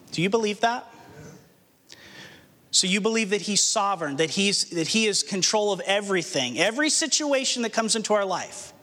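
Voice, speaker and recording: A man preaching a sermon in an earnest manner, asking rhetorical questions and slowing down for emphasis. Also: high voice, pushed and bright, long reverb tail. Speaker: pastor.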